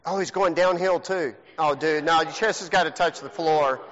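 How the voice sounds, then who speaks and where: Male pastor, high and bright, joking game host; long church reverb, muffled audio. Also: moderate pace. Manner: teasing, joking, animated. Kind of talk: playful game hosting to a congregation. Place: church sanctuary. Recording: long hall reverb, dull lo-fi sound.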